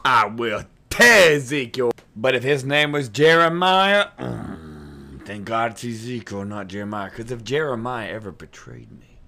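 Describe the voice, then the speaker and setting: Hot-tempered man with a lively voice. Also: medium pitch. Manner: hot-tempered, quick to get worked up. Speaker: comedy co-host. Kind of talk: improvised comedy banter.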